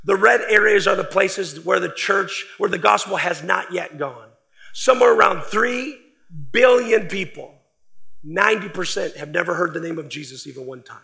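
Gravelly, bright-voiced male preacher. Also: high-pitched, normal speed. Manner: emphatic, swings from loud stresses to quiet trailing phrases. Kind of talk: sermon.

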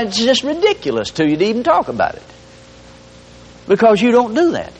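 Animated folksy male preacher. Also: high-pitched, slightly rough. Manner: folksy and humorous, with lots of repetition. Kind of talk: sermon. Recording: dull lo-fi sermon recording.

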